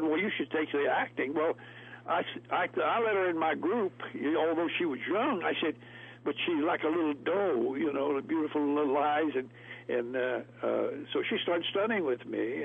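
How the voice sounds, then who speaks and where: A man's voice: on the high side, gravelly, breathy edge. A man telling folksy stories as a guest, laughing often. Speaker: actor guest. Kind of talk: storytelling interview. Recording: tinny phone line, radio.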